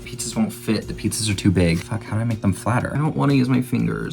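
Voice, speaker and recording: Chatty young man with low voice. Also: brisk, vocal fry, over music. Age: 20s. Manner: chatty, self-mocking, swears freely. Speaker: YouTuber. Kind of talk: casual vlog chat while baking.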